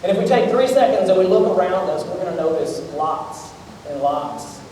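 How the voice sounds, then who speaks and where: A man's voice: sits high, expressive, moderate pace, dark tone, slight background noise. A man, preaching a sermon as pastor. He jokes and talks directly to the crowd. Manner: joking storyteller, talks to the crowd. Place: large church auditorium. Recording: echoey hall recorded from far off.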